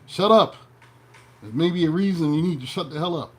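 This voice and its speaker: A man giving a casual tarot reading, playful and animated, breaking into joking mock voices. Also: on the high side, fast, husky. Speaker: tarot reader.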